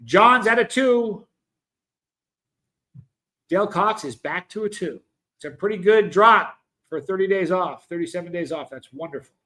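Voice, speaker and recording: Chatty high-voiced man streaming live. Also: animated, normal speed, pauses often, pushed and bright. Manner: chatty, rambling, self-interrupting. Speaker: livestream host. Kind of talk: casual livestream chat, reading viewer comments.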